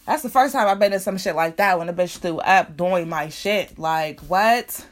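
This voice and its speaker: A woman's voice: on the low side, moderate pace. A young woman telling an angry, profane storytime rant about a bad salon visit. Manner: profane, heated, repetitive rant.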